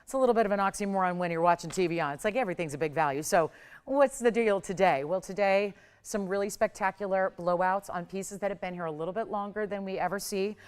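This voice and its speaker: A woman's voice: medium pitch, quick pace, smooth. A middle-aged woman hosting a live shopping channel, chatty and upbeat as she pushes deals and prices, her voice still recovering. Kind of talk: live home shopping sales pitch. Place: TV studio.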